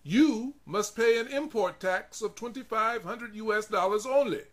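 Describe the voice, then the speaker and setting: A man's voice: sits high, unhurried, pitched above the performer's own voice. A man doing hissing, greedy customs officers. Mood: demanding. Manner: hard, hissing demands.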